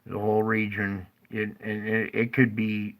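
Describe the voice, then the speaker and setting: This time the earthquake forecaster, a middle-aged man, sounds low-pitched and monotone as he slowly drawls his way through quake activity on a map. He keeps cracking up into fits of laughter, and the audio is rough.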